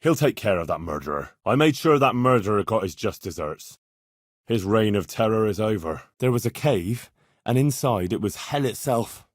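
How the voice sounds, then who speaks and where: An actor playing an earnest, dutiful young squire in a medieval game, speaking plainly and deferentially in recorded dialogue lines. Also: male voice, on the low side, lively intonation, normal speed, no room sound, clean studio sound. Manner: plain, sincere and deferential, with many lines read twice. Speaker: player character in a game. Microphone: close studio mic.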